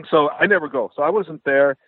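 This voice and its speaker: A man's voice: fairly high pitch, moderate pace, no echo. Man talking over a tinny phone line. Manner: animated, acts out quoted dialogue. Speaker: MMA coach. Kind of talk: phone interview storytelling.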